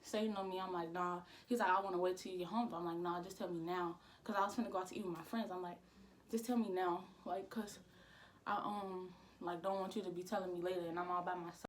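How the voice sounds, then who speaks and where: A woman's voice: lowish voice, quick pace, slight background noise. Young woman telling a rambling storytime. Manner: rambling, repeats "I'm like", slangy, animated when quoting. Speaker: vlogger. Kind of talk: casual storytime.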